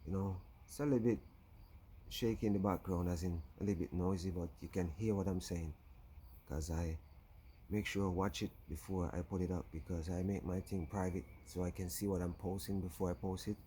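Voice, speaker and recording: A man's voice: low-pitched, steady tone, fairly quick, warm tone, a little hiss or hum. A man with a Jamaican accent, vlogging a rambling casual story on his channel and filling it with "you know.". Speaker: YouTuber.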